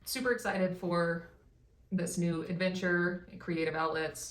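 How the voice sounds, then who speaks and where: A woman co-hosting a vlog in casual chat, with a strong vocal fry and a rambling way of talking full of fillers. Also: lowish voice, steady tone, a little slow. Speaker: vlog co-host. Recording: echoey room, mic at a distance.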